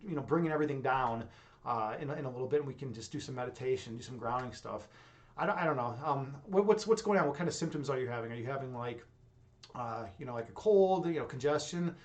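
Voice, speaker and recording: Fast-talking intense young man. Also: fairly high pitch. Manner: intense, rapid, rambling with many fillers and profanity. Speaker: livestream host. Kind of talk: casual livestream chat reading viewer comments.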